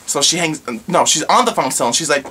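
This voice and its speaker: A man's voice: fairly high pitch, expressive, fairly quick, bright, forceful tone, slightly rough. A man who works in a pizza shop, chatting casually and acting out his customers' lines. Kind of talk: casual storytelling vlog.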